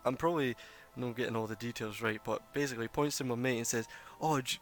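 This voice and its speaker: A man's voice: mid-range voice, fairly even intonation, quick pace, soft background music. A man who runs a tabletop game, chatting casually during a break and telling a rambling story with plenty of swearing. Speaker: game master.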